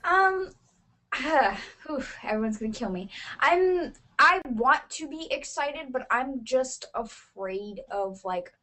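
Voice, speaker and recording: A woman co-hosting a casual gaming podcast, talking candidly and getting fired up quickly. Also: high-pitched, animated, sharp tone. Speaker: podcast co-host.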